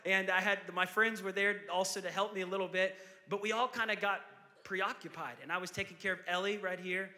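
High bright-voiced preaching pastor. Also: male voice. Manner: storytelling then building to shouted preaching. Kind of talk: sermon. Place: large church auditorium. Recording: long hall reverb.

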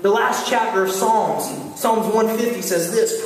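A man preaching a sermon, animated storytelling with repeated calls to listen. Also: sits high, unhurried, hardly any pauses. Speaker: pastor. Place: church sanctuary. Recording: echoey church hall, mic far off.

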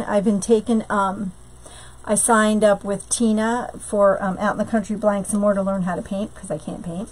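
A woman's voice: fairly high pitch, a little hiss or hum, rough recording. A woman hosting a live craft tutorial from home, chatting with viewers and greeting them by name between steps, with lots of fillers. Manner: many fillers, slow drawn-out greetings. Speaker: craft live-stream host.

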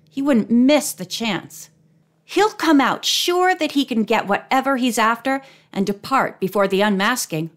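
A woman reading a children's mystery novel aloud in a clear, even storytelling voice, lightly voicing each character. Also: fairly high pitch. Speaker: audiobook reader.

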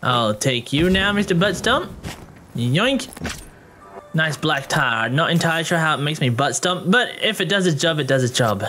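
A gameplay streamer with a fairly high, lively voice delivers joking, exclamatory let's-play commentary a little fast, with hardly any pauses. His voice sits over loud game music.

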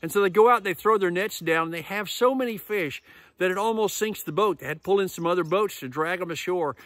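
A man preaching in a relaxed, conversational way, slipping into animated quoted voices as he retells stories. His voice sits a little higher than most men's, and the sound is close and dry with no room around it. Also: brisk, no room sound. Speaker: pastor. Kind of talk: sermon.

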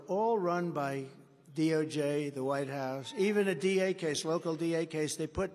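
A man giving a campaign rally speech in a large indoor venue. He rambles and repeats himself for emphasis, swinging from shouted lines to low asides. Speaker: political candidate. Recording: reverberant hall, faint background noise.

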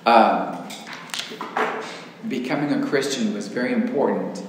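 A man's voice: medium pitch, lively intonation, measured pace. A man with an East Texas accent teaching an adult church class, chatty and self-deprecating, with hesitant fillers. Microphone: distant room mic. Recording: echoey hall, voice far from mic, faint noise.

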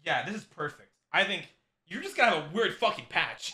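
A young man with a very high, bright voice jokes and swears loudly beside a friend. His pitch leaps all over the place, and the room around him rings with echo. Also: sing-song, a little fast. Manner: loud, swearing, laughing outbursts. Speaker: co-host, gaming partner. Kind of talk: casual excited gaming banter. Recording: echoey room.

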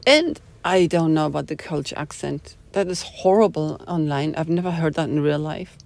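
Low, gravelly woman ranting casually. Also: moderate pace, a little mellow. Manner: rambling, dramatic groans of disgust. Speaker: host. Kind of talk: casual monologue.

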